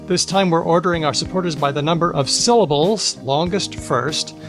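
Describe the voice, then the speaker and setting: A man hosting a podcast in a playful, casual way, briskly reading out lists of names. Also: a little high, music in the background. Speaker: podcast host.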